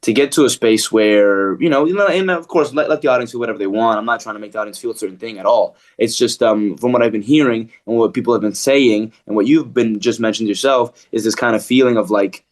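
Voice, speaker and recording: A man being interviewed as an actor, talking casually with lots of fillers and restarts. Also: lowish voice. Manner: relaxed, halting with many restarts and fillers.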